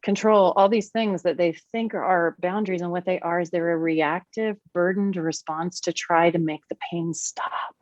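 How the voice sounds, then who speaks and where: Woman guest, low voice, earnest and teacherly, dry close sound. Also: steady tone, normal speed, few pauses, darkish tone, no echo, highs cut off. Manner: earnest and explanatory, with laughs. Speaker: podcast guest, therapist and teacher. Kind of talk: podcast conversation.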